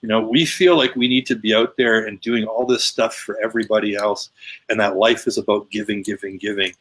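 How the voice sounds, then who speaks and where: A man's voice: on the low side, fairly even intonation, fairly quick, fairly bright tone, breathy edge. A man guest telling a personal story in casual, emphatic conversation. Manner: emphatic, retelling with quoted dialogue.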